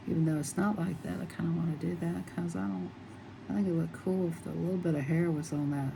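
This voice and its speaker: A woman's voice: sits low, fairly even intonation, a little fast, vocal fry, noisy background. A middle-aged woman chatting casually and rambling as she colors, laughing often. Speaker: coloring channel host. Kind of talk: casual chat while coloring.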